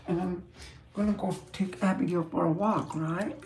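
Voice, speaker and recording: A woman's voice: fairly low pitch, steady tone, normal speed, a little mellow, roomy sound. A woman who drives a truck, chatting casually and rambling with frequent laughs. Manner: chatty, meandering, laughs often.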